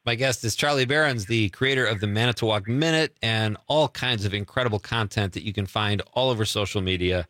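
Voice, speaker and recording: A man hosting a casual interview, chatty and quick to laugh. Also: fairly low pitch, sharp tone, dry recording, clean studio sound. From part of life in Chicago. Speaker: host.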